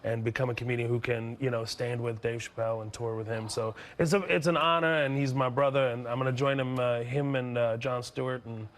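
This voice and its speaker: A man's voice: medium pitch, steady tone, brisk, hardly any pauses, slight background noise. A man being interviewed as a guest comedian on a talk show, joking animatedly and laughing often. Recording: live TV studio with audience. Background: studio audience laughter.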